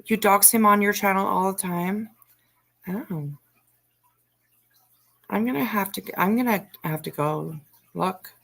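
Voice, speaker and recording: A woman's voice: medium pitch, slow pace, vocal fry, long pauses, a bit bright. Chatty, giggly woman live-streamer. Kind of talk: casual live-stream chat, reading comments.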